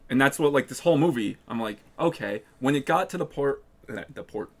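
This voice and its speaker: A man's voice: medium pitch, lively intonation, brisk. A young man in a casual movie chat with friends, laid-back and joking.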